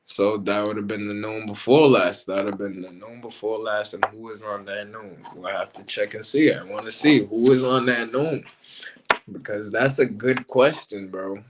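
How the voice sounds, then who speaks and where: Slangy, animated man talking battle rap. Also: lowish voice, measured pace, background noise. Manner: animated, slangy, repeats himself. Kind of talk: casual commentary monologue.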